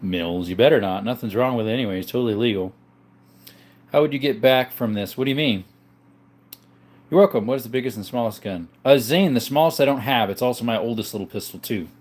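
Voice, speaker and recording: A man's voice: medium pitch, fast, a little mellow. Laid-back man hosting a live chat. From Arizona, US. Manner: laid-back, answers chat questions one by one. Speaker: livestream host. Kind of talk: casual live chat reading viewer comments.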